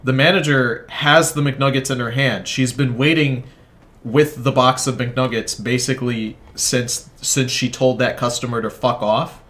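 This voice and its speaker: With a mid-range, slightly bright voice, this man keeps his intonation fairly even and his pace measured. He creates gaming videos, and here he rambles through a profane tale while playing, frequently stopping to comment on the game.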